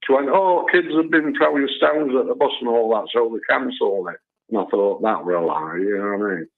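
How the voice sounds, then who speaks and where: Heard over a tinny phone connection, a medium-pitched man with vocal fry talks briskly. He's a caller to a talk show, chatting his way through a meandering story and leaning heavily on "you know" and "and all that."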